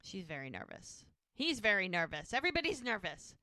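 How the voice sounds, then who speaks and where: A woman's voice: medium pitch, big pitch swings, brisk, bright, forceful tone, dry recording, studio quality. A woman co-hosting a podcast, chattily retelling the scenes of a show in a casual recap. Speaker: podcast co-host.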